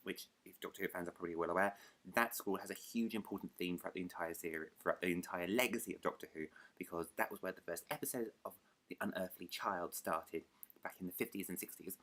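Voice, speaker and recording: A young man with a British accent and a deep, low voice talks casually to his viewers. He rambles from point to point and stops to correct himself. He pokes fun at his own slips. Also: quick pace, fairly bright tone. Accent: British English. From United Kingdom. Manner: chatty, self-deprecating, rambling with restarts. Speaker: book vlogger. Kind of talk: casual chat to camera.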